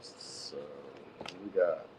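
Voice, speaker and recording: A man's voice: drawn-out words, mellow, slight background noise, low-quality recording. A man hosting a live tarot reading, chatting loosely with viewers in slang and saying "you know what I mean" a lot. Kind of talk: casual live-stream chat.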